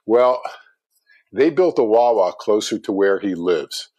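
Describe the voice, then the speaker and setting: A middle-aged man, a guest on a business talk show, telling a story in conversation with animated delivery. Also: lowish voice, measured pace. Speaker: guest speaker on customer experience.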